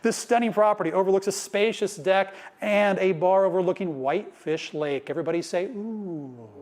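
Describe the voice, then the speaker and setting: A man's voice: sits high, fairly even intonation, a little mellow. A man hosting a virtual charity auction from home, upbeat and joking as he hypes the bidding. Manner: upbeat, joking, rapid-fire hype. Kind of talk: live virtual auction calling.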